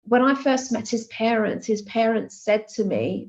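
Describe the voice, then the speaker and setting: A woman's voice: a little high, unhurried, few pauses, a little mellow, lo-fi sound. A woman giving a conference keynote as an art teacher, telling a classroom story with many fillers and restarts. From Greece.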